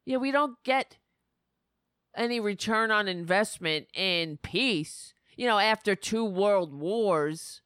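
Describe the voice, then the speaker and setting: A woman hosting a political talk show rants with sarcastic, indignant anger and swears often. Her medium-pitched voice is expressive, slow, smooth and fairly bright. The studio sound is clean, with no echo.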